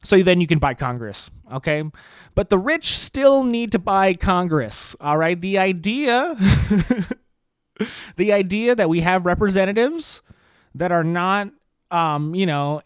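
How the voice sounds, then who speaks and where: A man's voice: high-pitched, clean tone, no room sound, clean studio sound. An American man hosting a solo podcast, talking in a sarcastic, rambling, self-mocking way. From United States. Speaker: podcast host.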